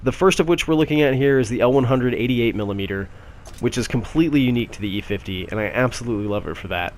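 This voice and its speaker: A man's voice: medium pitch, quick pace. A man giving casual gameplay commentary on a tank game, chatty with frequent fillers and restarts.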